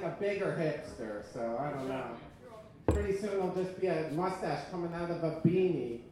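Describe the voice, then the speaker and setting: High-voiced comic in an echoey club. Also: male voice, mellow. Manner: teasing, crude, rambling. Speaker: stand-up comedian. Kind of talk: stand-up set. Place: comedy club stage. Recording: echoey club taped from far off.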